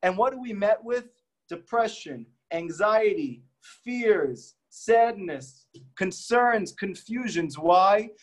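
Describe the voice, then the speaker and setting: A man's voice: high-pitched, expressive, takes it slowly. A man, a rabbi, giving an earnest and emphatic Torah teaching talk that drives home each point by repeating it.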